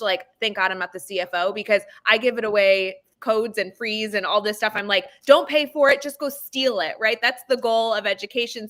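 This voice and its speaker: Bubbly woman education podcaster, bright voice. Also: fairly high pitch. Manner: bubbly, fast-talking, chatty. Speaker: education podcaster and course creator. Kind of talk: casual panel chat.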